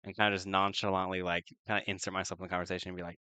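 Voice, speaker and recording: A man with a very low voice plays a character at a tabletop game. He chats loosely, thinks out loud, and laughs easily, and his voice sounds dry and close. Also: level tone, very fast, clear, resonant tone, dry recording. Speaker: player. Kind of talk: casual tabletop role-play chat.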